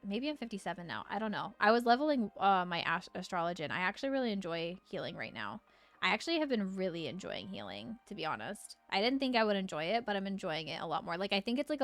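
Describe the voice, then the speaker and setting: A woman's voice: medium pitch, big pitch swings, quick pace. A young woman chatting casually on a live game stream, bubbly and giggly as she reads chat aloud.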